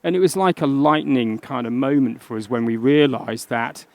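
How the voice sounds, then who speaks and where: A man's voice: medium pitch, normal speed, creaky, a little mellow. A middle-aged man from England, a pediatric doctor, giving a conference talk in an easy conversational way, with frequent ums and restarts. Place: conference room.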